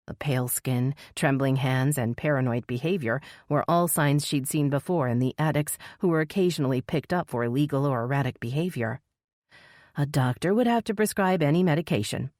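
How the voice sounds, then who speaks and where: A woman narrating a mystery audiobook in a measured, even storytelling manner. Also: rumbling low, no echo, clean studio sound. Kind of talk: scripted narration.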